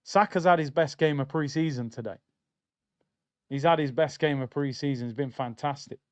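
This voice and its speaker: A young man hosting a live football watchalong, chatting in slang and getting loud at big moments. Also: a little high, normal speed, dry recording. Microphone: streaming mic.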